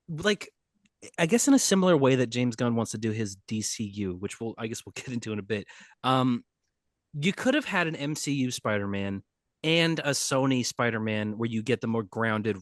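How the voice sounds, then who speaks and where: A man's voice: medium pitch, moderate pace, no room sound, studio quality. A man co-hosting a comic book podcast, talking in a loose, rambling, jokey way and laughing often. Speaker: podcast co-host. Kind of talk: casual chat.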